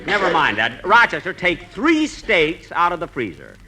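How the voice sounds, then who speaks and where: A man's voice: fairly high pitch, very animated, moderate pace, heavy background noise. A man hosting a 1940s radio comedy show, indignant and exasperated in his comic timing.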